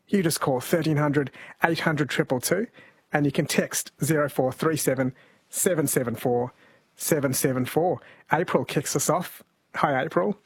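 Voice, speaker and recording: A man's voice: on the high side, husky, no echo. A man hosting a radio talk show, chatting and reading out listener texts. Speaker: radio host. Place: radio studio.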